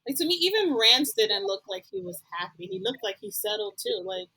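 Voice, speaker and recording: A woman co-hosting a podcast, talking through a show's story in a relaxed, casual way. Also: medium pitch, fairly quick, husky, no room sound, rough recording. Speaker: podcast co-host. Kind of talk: casual recap chat.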